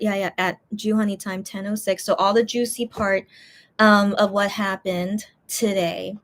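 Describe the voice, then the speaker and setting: A woman streamer chatting casually while eating, reading viewer comments and rambling with lots of repeated words, tired and full. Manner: rambling, repeats words, lively swings in pitch.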